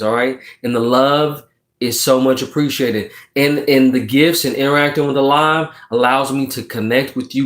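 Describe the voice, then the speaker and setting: A man reading tarot cards on a casual livestream, talking emphatically and preachily, checking in with his listeners and swearing now and then. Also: medium pitch. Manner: swears casually while encouraging. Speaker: tarot card reader on a livestream. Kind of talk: casual livestream chat, reading viewer comments.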